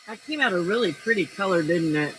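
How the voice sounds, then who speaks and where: A woman's voice: on the low side, animated, a little fast, a bit bright, slight background noise. A woman hosting a late-night crafting livestream, chatty and giggly as she talks through each step at her craft table at home. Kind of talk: casual chat while crafting.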